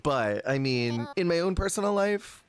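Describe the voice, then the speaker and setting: A man's voice: on the high side, expressive. A man streaming a life-sim game, chatting with viewers and telling stories in a casual, laughing way. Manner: chatty, storytelling, quick laughs. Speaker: Twitch streamer. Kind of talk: casual gameplay chat with viewers.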